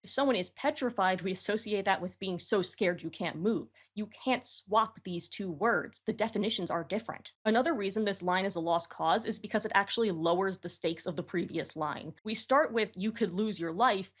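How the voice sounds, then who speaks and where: A woman's voice: medium pitch, moderate pace, few pauses, slightly rough. A woman hosting her own channel, giving matter-of-fact, analytical commentary as she reworks song lyrics. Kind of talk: explanatory commentary to camera.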